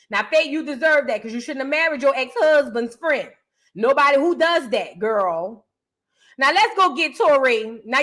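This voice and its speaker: Sassy woman host with a high voice and a blunt, crude, mocking delivery for casual reaction commentary. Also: pushed and bright.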